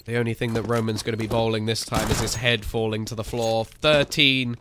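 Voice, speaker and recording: Man, solo caster for an online shooter match, quick play-by-play over game gunfire and clicks. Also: fairly low pitch, heavy background noise. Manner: excitable play-by-play that slips into chat with viewers. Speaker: esports caster. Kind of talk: live game commentary.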